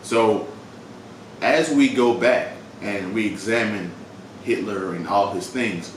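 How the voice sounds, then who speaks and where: A man's voice: fairly low pitch, a little hiss or hum. A young man talking casually to his viewers with a groggy morning voice, chatty and loose, tagging lines with "right?" and "you know". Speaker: vlogger. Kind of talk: casual talk to camera. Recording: echoey room from far off.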